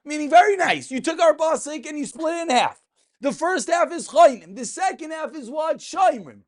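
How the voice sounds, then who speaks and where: A rabbi gives an animated Talmud lesson, his voice rising and falling widely. He keeps asking his listeners questions, answers them himself, and goes back over each point. He speaks in the sing-song cadence of the study hall. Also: very high-pitched, moderate pace. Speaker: rabbi teaching a daily Talmud class.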